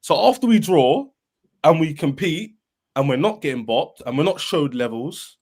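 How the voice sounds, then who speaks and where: A man, a football fan panelist, arguing in an animated, emphatic way on a podcast and repeating himself. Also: on the high side, normal speed. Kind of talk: heated football podcast debate.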